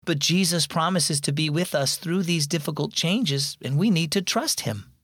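A man voicing a gentle widowed mother who calmly reassures her children, in a storybook reading. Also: low-pitched, moderate pace, husky, no room sound, studio quality, pitched above the performer's own voice. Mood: reassuring. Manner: calm, reassuring.

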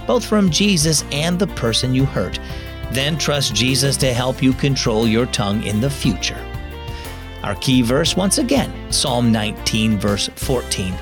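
A man hosting a children's devotional radio show, narrating a story and teaching in a scripted way. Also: mid-range voice.

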